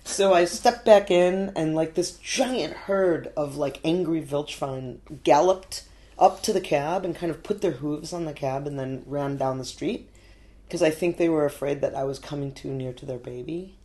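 A woman's voice: sits low, normal speed, warm tone. A woman artist from New York, telling stories in a casual interview with many fillers and frequent laughs. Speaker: artist guest.

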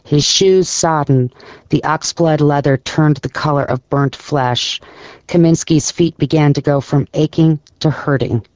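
A man narrating an audiobook story in a measured, descriptive storytelling manner. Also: fairly high pitch, dry recording. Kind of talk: scripted narration.

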